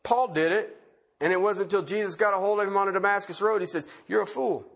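A man's voice: high voice, fairly even intonation, quick pace, fairly bright tone. A male preacher giving a conversational sermon, asking rhetorical questions and repeating key phrases.

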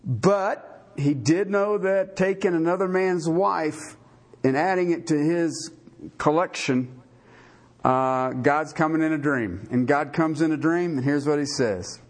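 A man's voice: fairly high pitch, measured pace. A man preaching a sermon to a live congregation, folksy and joking, often asking questions and stumbling over his restarts. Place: church before a live congregation.

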